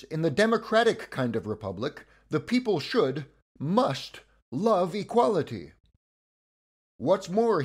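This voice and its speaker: A man narrates a scripted history lesson in a fairly high voice. His tone is husky and a little breathy. He drops in wry, conversational asides.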